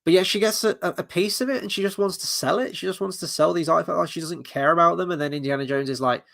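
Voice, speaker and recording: A man's voice: a little high, fast talker, creaky, a bit bright. A man hosting a film review, ranting casually and bluntly, profane and rambling with many restarts, tired late at night.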